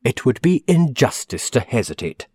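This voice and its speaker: A man's voice: medium pitch, big pitch swings, normal speed, a little mellow, breathy edge, no echo, studio quality, pitched above the performer's own voice. A man voicing a fussy, eager middle-aged male manager who speaks earnestly and formally.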